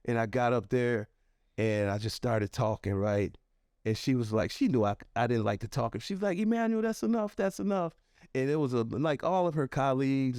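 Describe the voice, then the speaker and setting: A man telling a personal story as a podcast guest, animated and conversational, with plenty of "you know" and "right", close on a podcast microphone. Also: no echo. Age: adult. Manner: animated, acts out quoted voices with sharp pitch jumps.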